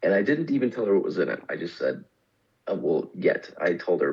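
Raspy, lively male podcast co-host. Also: low voice, fast talker, lo-fi sound. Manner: animated storytelling, acts out quotes. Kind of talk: casual business chat.

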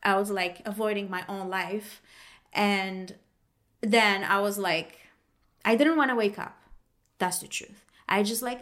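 A woman's voice: medium pitch, a little slow, pauses often, a bit bright. A woman whose first language is French, telling her personal story candidly and acting out her past thoughts. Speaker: podcast host.

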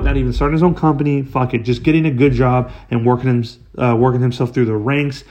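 A man's voice: medium pitch, a little mellow. A man hosting a podcast who tells a story in a casual, comedic way, swearing freely, sounding exasperated and breaking into sudden outbursts. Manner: profane and exasperated, with rising outbursts. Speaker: podcast host.

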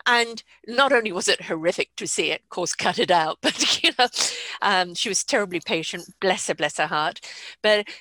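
A woman's voice: on the low side, lively intonation, normal speed, pushed and bright, no room sound. A woman hosting a casual conversation, reflective and drawing on personal examples.

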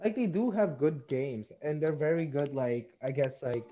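A man chatting on a podcast with a fairly high, mellow voice. He tells stories with energy and acts out the people in them. The recording sounds dull and lo-fi. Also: normal speed, a little hiss or hum. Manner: animated storytelling, acts out quotes. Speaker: podcast co-host. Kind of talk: casual chat.

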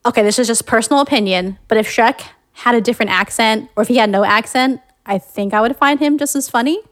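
A woman co-hosting a casual discussion, speaking in a thoughtful, measured way and murmuring softly while she listens. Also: a little high, no echo, clean studio sound. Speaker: podcast co-host.

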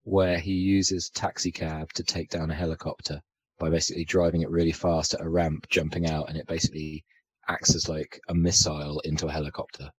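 Deep-voiced man chatting about films. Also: level tone, a little fast, slightly rough, low-quality recording. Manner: rambling, hesitant, many fillers and restarts. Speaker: podcast co-host. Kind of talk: casual film discussion.

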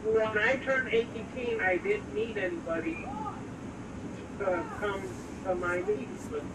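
A man's voice: sits high, big pitch swings, measured pace. Distant, teasing man on a noisy mic. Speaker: podcast co-host. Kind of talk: casual chat. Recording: distant mic with background noise.

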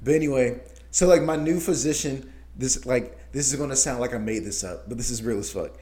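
A man telling a story in casual chat as a podcast co-host, animated and profane, often laughing. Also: medium pitch, fairly quick.

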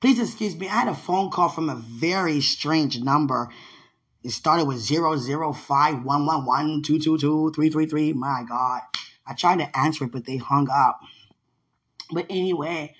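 A woman's voice: low voice, normal speed. Affectionate woman podcaster with frequent laughter. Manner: affectionate, laughs often, speaks with religious fervor. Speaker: podcast host. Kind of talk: casual spiritual monologue with prayer.

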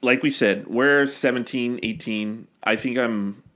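A man's voice: mid-range voice, measured pace, fairly bright tone. A man in his thirties co-hosting a movie podcast, easygoing in casual chat and recalling things in a rambling way. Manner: easygoing, affirming listener, rambling recollection. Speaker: podcast co-host.

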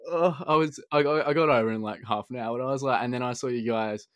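A young Australian man hosting a podcast, telling an animated story with plenty of swearing and laughter. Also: medium pitch, quick pace, dry recording, clean studio sound. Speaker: podcast host. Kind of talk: casual chat.

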